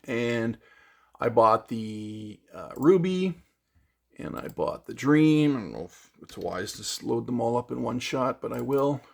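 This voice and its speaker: A man's voice: mid-range voice, lively intonation, unhurried, vocal fry. A man vlogging about his audio gear in a casual, exasperated rant, sarcastic and rambling, often restarting his sentences. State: one-handed while handling gear. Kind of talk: casual ranting vlog.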